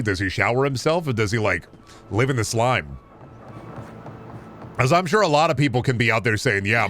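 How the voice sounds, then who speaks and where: A man's voice: mid-range voice, fairly bright tone. A man streaming a video game, chatting casually and riffing on absurd jokes with plenty of profanity. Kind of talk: casual live-stream chat while gaming.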